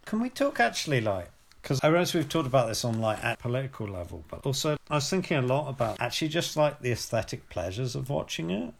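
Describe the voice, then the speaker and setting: A man's voice: mid-range voice, fast, gravelly. Man, casual chat, enthusiastic, academic. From England. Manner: animated, enthusiastic, academic references, swearing.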